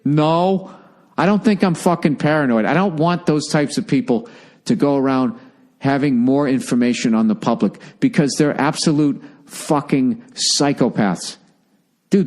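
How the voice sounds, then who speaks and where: A man's voice: fairly high pitch, a little mellow. A man from the United States hosting his own podcast, ranting alone in a heated, sarcastic, profane way. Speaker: podcast host. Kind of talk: solo rambling rant.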